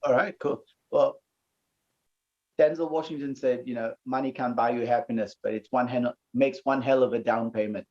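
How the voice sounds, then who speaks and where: A man's voice: mid-range voice, fairly even intonation, moderate pace, a little mellow. Guy hosting an interview, chatty, keeps restarting, muffled lo-fi sound. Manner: conversational, stumbling restarts. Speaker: host, aikido teacher. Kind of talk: casual interview. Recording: dull lo-fi audio.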